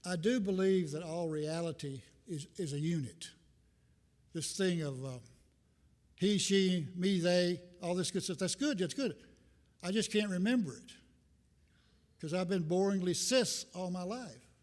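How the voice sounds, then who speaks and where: An older man delivers a loose, folksy sermon, drifting between thoughts with self-deprecating humor. His voice sits a little high for a man. It rings out with a long reverb through a church sanctuary. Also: measured pace, a little mellow. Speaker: visiting minister. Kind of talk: informal sermon.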